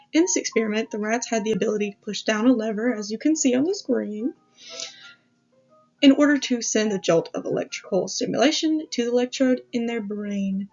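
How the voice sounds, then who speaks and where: A woman's voice: a little high, darkish tone. A woman hosting a casual video essay over slides, rambling with self-aware asides and the odd swear. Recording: dull lo-fi audio.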